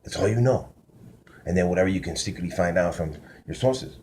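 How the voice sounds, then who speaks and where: A man's voice: sits low, a little fast, a little mellow, slight background noise. A man delivering a loose, profane spoken teaching, drifting between topics with frequent restarts. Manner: profane, conspiratorial ranting. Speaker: self-styled spiritual teacher. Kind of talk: rambling spoken monologue.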